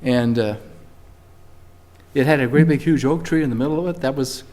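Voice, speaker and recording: An older male pastor gives a Sunday sermon in a church, telling a personal story in a plain, conversational way. His pitch sits mid-range, and he leans on key words with emphatic rises. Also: moderate pace, darkish tone. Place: church sanctuary.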